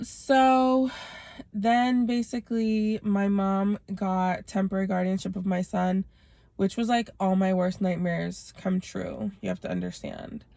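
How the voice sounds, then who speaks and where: A woman's voice: mid-range voice, steady tone, slow, creaky, a little mellow, dry recording, studio quality. A young woman vlogger telling a long personal story in a chatty, casual way, full of "like" fillers.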